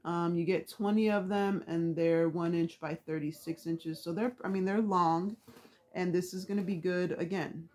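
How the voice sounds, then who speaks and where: A woman vlogger chatting casually about craft supplies, rambling with lots of fillers, with the hiccups. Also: fairly low pitch.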